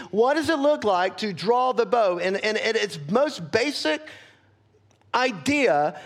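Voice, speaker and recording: A man preaching a sermon as pastor, earnest and candid, often checking in with his listeners and growing soft and quiet when he gets personal. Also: high-pitched. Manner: earnest, candid, asks the congregation for agreement.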